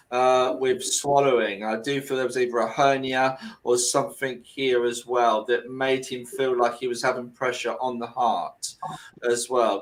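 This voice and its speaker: A man working as a medium on a video call, talking in halting, self-correcting bursts and often checking whether his words make sense. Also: medium pitch, low-quality recording. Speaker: medium giving a reading. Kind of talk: spiritual reading on a group video call.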